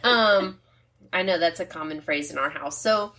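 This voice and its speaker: Chatty lower-voiced woman host. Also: normal speed, a bit bright. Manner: chatty, tangential, laughs at own jokes. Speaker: podcast co-host. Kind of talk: casual chat over wine.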